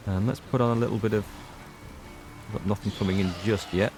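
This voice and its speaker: A man's voice: fairly low pitch, fairly even intonation, fairly quick, over music. Chatty North Yorkshire man gaming. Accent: North Yorkshire English. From North Yorkshire, England. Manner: chatty, rambling, talks to chat while playing. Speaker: let's play gamer. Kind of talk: casual gameplay commentary.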